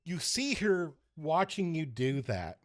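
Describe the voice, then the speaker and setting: A man narrating a tabletop game as game master, telling the scene in an animated way with loose restarts. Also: on the high side, slow pace.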